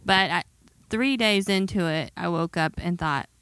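A woman's voice: lowish voice, a little slow, smooth, dry recording. Chatty woman with a Southern Indiana accent. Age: 30s. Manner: chatty, laughs easily, animated storytelling. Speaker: podcast co-host. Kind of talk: casual chat.

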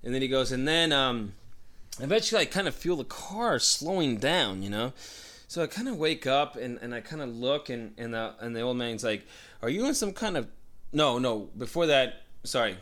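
A man's voice: mid-range voice, expressive, moderate pace, a bit bright. A man telling a long story in casual chat, swearing a lot and acting out the voices of the people in it. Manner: profane, rambling, acts out voices.

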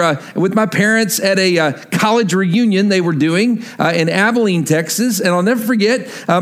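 A middle-aged man preaching a sermon as pastor, telling a story and then dropping into earnest, hushed emphasis. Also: high voice.

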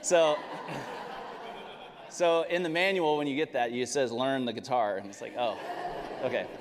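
A man preaching a sermon, telling a family story with lively laughter. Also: medium pitch, a little slow, background noise. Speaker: pastor. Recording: long reverb of a large hall.

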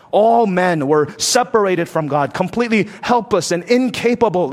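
A man preaching a sermon emphatically, letting his voice rise and fall for emphasis. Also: high-pitched. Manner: emphatic preaching, rising and dropping for effect. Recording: long reverb from a large hall.

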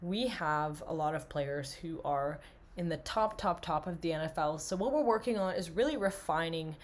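A woman's voice: sits low, animated, moderate pace. A young woman co-hosting a casual sports podcast, chatty and enthusiastic, laughing often. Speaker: podcast co-host.

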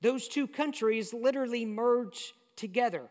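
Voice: medium pitch, measured pace, a little mellow. A pastor preaching a sermon in a conversational, storytelling way. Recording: long hall reverb.

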